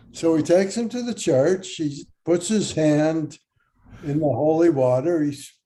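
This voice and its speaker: Older male guest, slightly high voice, very slow measured storyteller, faint background noise. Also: mellow. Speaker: guest, a doctor. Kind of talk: casual chat, telling a joke.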